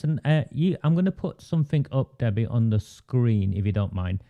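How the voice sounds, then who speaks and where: A man with an Oldham accent, hosting an online political show over a video call, talking in an animated, indignant way with many restarts. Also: mid-range voice, moderate pace, creaky, highs cut off. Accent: Oldham, Northern English. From England. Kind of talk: conversational video call discussion.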